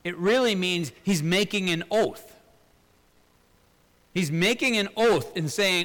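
A man preaching a sermon in an earnest way, asking rhetorical questions, swelling louder and then dropping low. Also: slow, long pauses. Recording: long hall reverb.

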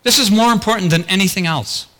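A man's voice: high-pitched, fast talker, pushed and bright, in a large hall. A man preaching a sermon as pastor, talking earnestly and putting rhetorical questions to the congregation.

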